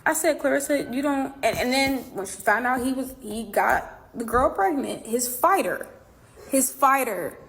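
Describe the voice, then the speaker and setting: Sharing a personal story in a relaxed chat, a boxer gives her version of a falling-out, playing out past exchanges animatedly and talking right to her audience. Her voice sits high with a fairly bright tone, expressive and at a moderate pace.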